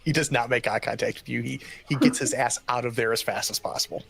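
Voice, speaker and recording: A man narrating as game master, relaxed and hesitant with many fillers. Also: medium pitch, fast, gravelly, slightly rough.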